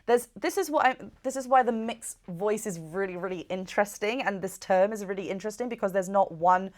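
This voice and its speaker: Woman vocal coach, mid-pitched, eager reaction-video breakdown with quick sung examples. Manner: enthusiastic, explains technique, sings short demo notes.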